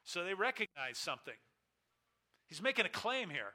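Male preacher, bright and edgy tone, slightly high, emphatic delivery with big dynamic swings. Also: big pitch swings, normal speed, pauses often. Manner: emphatic preaching with wide swings in pitch and volume. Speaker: pastor. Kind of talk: sermon.

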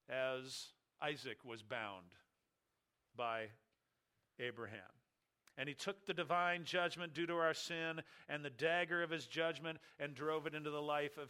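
Bright-voiced emphatic male preacher. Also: fairly high pitch, clear, resonant tone. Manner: emphatic, repeats key phrases, asks and answers rhetorical questions. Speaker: pastor. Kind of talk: expository sermon.

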